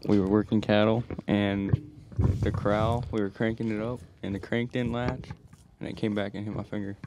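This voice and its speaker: A young man in a casual podcast chat, telling a story in a relaxed way. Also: lowish voice, moderate pace. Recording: noisy amateur recording.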